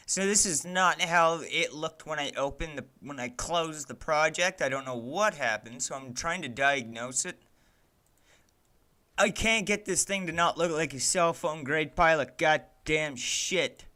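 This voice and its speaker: A young man talking live as he builds a game, in a casual stream-of-consciousness ramble peppered with "like" and "man". His voice sits a bit high and sounds bright and sharp. He curses freely and sounds exasperated with his software. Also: unhurried. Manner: exasperated, swears a lot, rants at his software; fillers "like" and "man" throughout. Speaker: indie game developer streaming his work. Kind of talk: casual livestream commentary while working.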